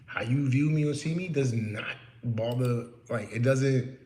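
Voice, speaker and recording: A man's voice: mid-range voice, a little slow, mellow, roomy sound, slight background noise. A man working as a real estate investor, talking candidly and preaching a little to the listener, in a casual motivational talk from his office.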